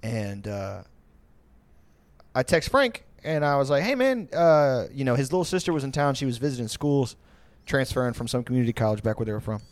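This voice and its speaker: A man casually telling bar stories on a podcast. His talk is loose and profane, packed with fillers, and he slips into mocking voices for the people he describes. His voice sits at an ordinary middle pitch. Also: very animated, fairly quick, no room sound. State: tipsy. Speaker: podcast host. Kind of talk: casual storytelling.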